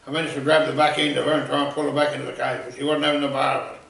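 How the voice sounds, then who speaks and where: Gravelly man spinning a yarn. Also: medium pitch, very fast. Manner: rambling, animated yarn-telling. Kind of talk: comic anecdote storytelling. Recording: echoey room, voice far from mic.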